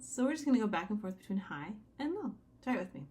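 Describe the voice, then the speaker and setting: A woman's voice: on the high side, big pitch swings, brisk, hardly any pauses, mellow. A woman teaching a sight-singing lesson, giving patient step-by-step instructions and singing short examples. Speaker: music teacher.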